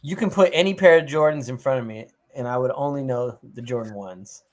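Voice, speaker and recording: A man's voice: mid-range voice, a little fast, darkish tone. A man hosting a fantasy football watch party, talking casually, profanely and jokingly with a friend.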